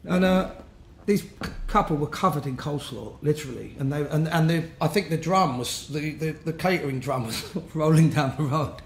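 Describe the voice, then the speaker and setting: As an interview guest, a London musician tells casual stories that ramble, restart, and dissolve into laughter. His voice is gravelly and on the high side, with lively intonation at a normal pace, and the room is spacious with faint background noise.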